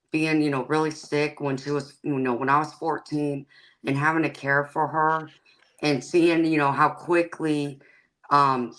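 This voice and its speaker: A woman with a bass voice and a fairly bright tone, recorded with poor audio, appears as a guest on a live-stream chat. She's a psychic and tarot reader who laughs easily while speaking frankly and plainly about her life.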